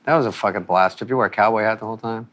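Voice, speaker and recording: A man's voice: fairly low pitch, racing, fairly bright tone. Casual male comic reminiscing. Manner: loose, profane, upbeat. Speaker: comedian guest. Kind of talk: casual chat.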